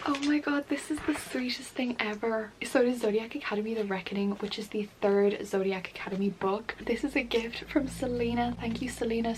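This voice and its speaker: A woman's voice: mid-range voice, background noise. Gushing young woman unboxing books. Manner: gushing and excitable, lots of "like" and "oh my god". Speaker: book vlogger. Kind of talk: casual chat, unboxing.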